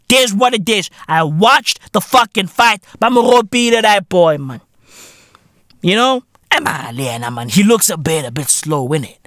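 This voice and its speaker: A man from South Africa hosts a podcast monologue, swearing freely and leaning on slang fillers. His pitch swings widely while he talks at an unhurried, drawn-out pace. The sound is dry and close. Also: a bit bright, no room sound. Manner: profane, emphatic, full of slang fillers. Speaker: podcast host. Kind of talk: casual monologue.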